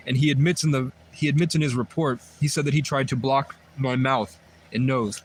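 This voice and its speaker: A man's voice: mid-range voice, fairly quick, slight background noise. A man on a livestream telling a long personal story in a rambling, repetitive way, often restarting his sentences. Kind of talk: livestream monologue.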